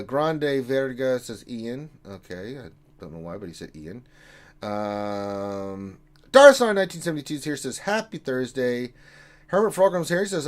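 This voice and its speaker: Chatty man hosting a gaming livestream. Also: mid-range voice. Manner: chatty, reads out viewer messages, jokey asides. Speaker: stream host reading chat. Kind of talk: casual livestream chat.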